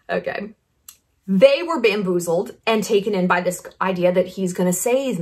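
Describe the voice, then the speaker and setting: A woman's voice: medium pitch, expressive, a little mellow. A woman in her thirties delivering a blunt, sarcastic opinion monologue as a vlogger. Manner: brash, blunt and sarcastic, with quick asides. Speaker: YouTube commentator.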